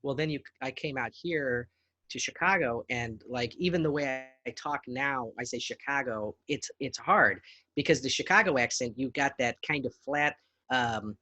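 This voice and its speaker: A man from Southwest Missouri, an actor guesting on a podcast, talking in a thoughtful, halting way. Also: medium pitch, sharp tone, dry recording, dull audio. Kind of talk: casual chat.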